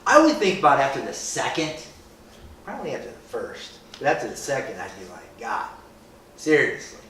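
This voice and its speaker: A man's voice: medium pitch, huge pitch swings, fairly quick. A man giving an informal, joking Bible talk to a group, often asking "right?" and acting out people's reactions. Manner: conversational, asks rhetorical questions, often adds "right?"; jokey, acts out people's reactions. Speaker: speaker leading a group. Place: echoey room with a group. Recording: roomy, distant, faint hiss.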